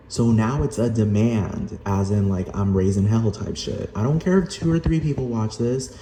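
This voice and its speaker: This is a man's voice on the lower side, warm in tone, moving at normal speed with few pauses. He's a vlogger in a heated, swearing rant, circling back on himself and constantly checking "do you understand?" in a reverberant room with background noise.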